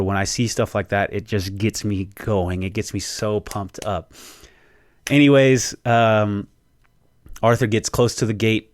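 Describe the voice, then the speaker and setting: Excited podcast guy, low voice, swears a lot, dry sound. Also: dry recording. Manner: excited, profane, lots of fillers. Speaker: podcast host. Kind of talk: casual chat.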